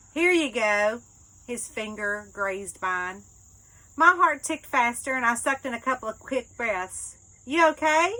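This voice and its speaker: A woman author narrating her own novel in the first person, with lively, expressive storytelling. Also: fairly high pitch, low-quality recording. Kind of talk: first-person book reading.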